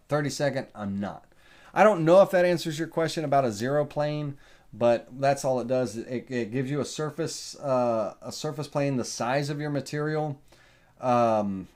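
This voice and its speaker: A middle-aged man with a Southern accent walks through a software tutorial in a loose, rambling way. He talks himself through each step with many ums and uhs. His voice sits at an ordinary middle pitch. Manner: relaxed, rambling, thinks aloud with many fillers.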